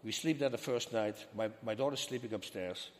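A man with a Dutch accent, a guest in an interview, telling a story in an animated way and acting out the dialogue. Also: medium pitch, a little fast. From Netherlands. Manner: animated, acts out quoted dialogue. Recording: long hall reverb.

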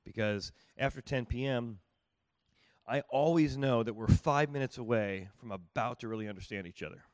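Conversational pastor teaching, dry close sound. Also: male voice, mid-range voice, moderate pace, dry recording. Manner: conversational, folksy, asks the audience rhetorical questions. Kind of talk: teaching talk on marriage and listening.

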